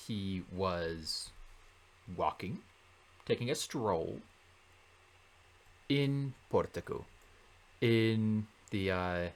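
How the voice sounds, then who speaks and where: A man working through a Latin translation in a relaxed lesson, thinking aloud with many fillers and self-corrections. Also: fairly low pitch. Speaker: Latin tutor. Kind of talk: casual translation walkthrough.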